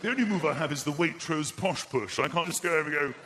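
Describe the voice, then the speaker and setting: A man doing live stand-up comedy, animated and self-mocking. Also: a little high, quick pace. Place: comedy stage before an audience. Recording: loud live-venue background noise.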